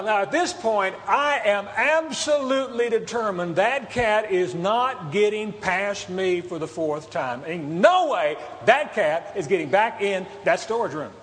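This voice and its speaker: A high-voiced male preacher spins a comic story for his congregation, acting out the meows and shouts in it. His voice rings through a large hall with a long reverb, and a faint hum of ambience sits under it. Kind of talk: storytelling sermon.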